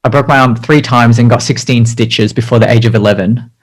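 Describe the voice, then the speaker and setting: A man's voice: medium pitch, steady tone, brisk, slightly rough, poor audio. Man, interview guest; casual, filler-heavy, self-deprecating storyteller. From Australia.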